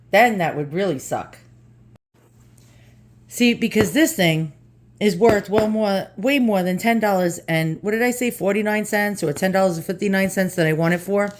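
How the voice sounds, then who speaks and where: A woman with a New York accent, chatting casually and bluntly through an unboxing, joking and swearing now and then. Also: mid-range voice. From New York, USA. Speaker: vlogger.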